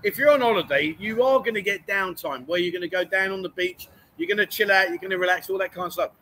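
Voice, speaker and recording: A man's voice: high voice, quick pace, sharp tone. A man hosting a livestream from inside a bookshop, reading out viewer comments and teasing his co-hosts in a jokey, banter-filled way. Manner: jokey, teasing, often says "unbelievable". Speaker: livestream host. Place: indoors in a bookshop.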